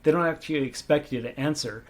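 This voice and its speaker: Quick-talking guy chatting on a podcast, acts out what people say to him. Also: on the high side. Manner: fast-talking storyteller, acts out quoted lines. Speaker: podcast co-host. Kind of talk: casual chat.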